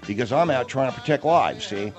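A man's voice: mid-range voice, animated, fairly quick, darkish tone, faint music behind, natural voice. A man playing a gloomy, self-pitying auxiliary police volunteer calling into a radio comedy show.

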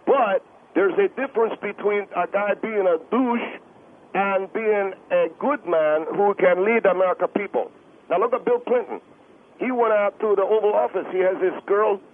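A man's voice: sits high, normal speed. A man from the Twin Cities calling into a radio show, rambling and interrupting with many fillers. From Minneapolis–Saint Paul, US Midwest. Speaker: caller. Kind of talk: heated call-in debate. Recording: tinny phone line with faint noise.

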